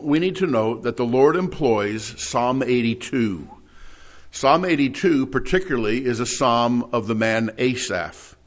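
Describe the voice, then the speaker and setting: A man preaching an expository Bible sermon, reading scripture aloud and asking rhetorical questions with rising emphasis. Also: medium pitch.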